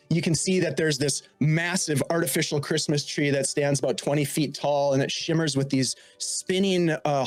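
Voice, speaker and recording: Halting male game master narrating. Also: on the high side, a little mellow, dry recording. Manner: descriptive, halting with frequent restarts.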